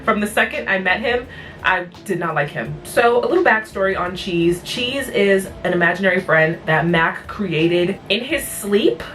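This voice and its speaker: A woman's voice: medium pitch, lively intonation, moderate pace, a bit bright, far from the mic, soft background music, rough recording. A tired woman hosting a vlog, recapping a cartoon episode in a blunt, exasperated, rambling chat.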